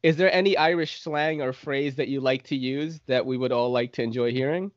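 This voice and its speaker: A man's voice: medium pitch, fairly quick, dry recording, muffled recording. A man hosting a casual podcast interview, reading out listener questions and laughing often. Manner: enthusiastic, laughs a lot, reads listener questions. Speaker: podcast host.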